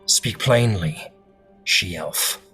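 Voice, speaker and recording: A man voicing a huge, suspicious male cloud giant lord who speaks slowly and threatens. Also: sits low, bright, forceful tone, faint music behind, heavily acted. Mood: menacing. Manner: slow, commanding and threatening.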